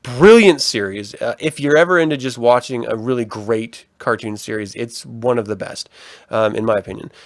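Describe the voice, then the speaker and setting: A man co-hosting a casual fan podcast, animated and profane, often restarting his sentences. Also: medium pitch, moderate pace, dry recording, studio quality. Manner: animated, swearing, trailing restarts. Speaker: podcast co-host.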